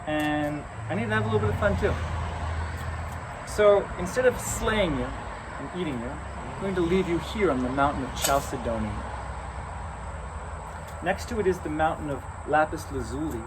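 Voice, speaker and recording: A man's voice: a little high, moderate pace, long pauses, noisy background, voice pushed up, close to an everyday voice. A man voicing the giant Cat of Cruachan. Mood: playful. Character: giant all-seeing magical male cat, stern. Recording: outdoor recording with loud crickets.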